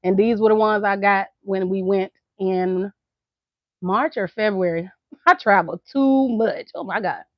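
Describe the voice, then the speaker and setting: A middle-aged Southern American woman vlogs in a casual chat to camera, laughing frequently as she talks. Her mid-range voice moves a little slowly, and the dry recording has a dull, lo-fi sound.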